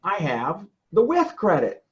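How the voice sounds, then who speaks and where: Lively older American man, slightly muffled. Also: high-pitched, measured pace, a little hiss or hum. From United States. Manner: chatty, laughs often, repeats words. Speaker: podcast guest, ghostwriter. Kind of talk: casual interview chat.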